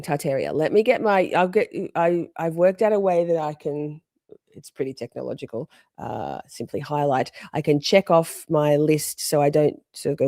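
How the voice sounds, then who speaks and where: A woman's voice: fairly low pitch, darkish tone, no room sound, clean studio sound. A woman live streaming, rambling in casual chat, swearing freely and greeting viewers in the chat.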